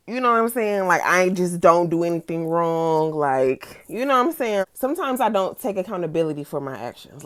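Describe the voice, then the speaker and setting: A young woman talking candidly in a personal vlog, reading from her notes and reacting with emphatic outbursts. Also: fairly low pitch. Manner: candid, emphatic, swinging from musing to excited outbursts. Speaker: vlogger.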